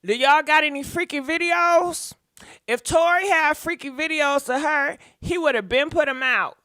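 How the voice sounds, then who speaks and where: High bright-voiced lady spilling celebrity tea, dry close sound. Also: normal speed, no echo. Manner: sassy, laughing, talks back at celebrities. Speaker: gossip show host. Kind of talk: casual live gossip commentary.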